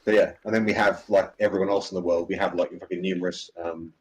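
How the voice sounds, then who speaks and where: A man with an Australian accent in casual chat, talking fast with lots of fillers and restarts, and swearing. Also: deep voice, steady tone, slightly rough, poor audio.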